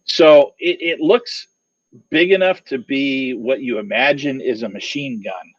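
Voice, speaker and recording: Brief: male game master, slow and halting, describing scenes, dull dry lo-fi recording. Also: mid-range voice, slightly rough, dry recording. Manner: hesitant, many fillers and restarts. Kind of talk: narrating a tabletop game.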